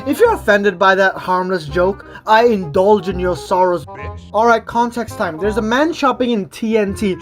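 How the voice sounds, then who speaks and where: A woman giving comedic reaction commentary in a sarcastic, mocking tone. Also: medium pitch.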